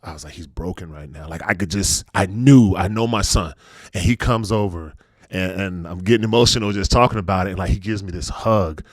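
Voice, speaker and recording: A man's voice: low-pitched, brisk, no room sound, clean studio sound. A middle-aged man hosting a casual podcast chat, telling personal stories earnestly and dropping his voice when he turns reflective. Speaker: podcast host.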